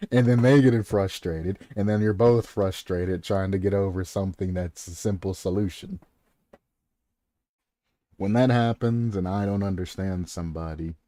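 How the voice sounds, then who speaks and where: A man's voice: deep voice, warm tone, no echo. A young American man with a rural accent, chatting casually as a streamer, rambling and laughing often. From United States. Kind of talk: casual chat.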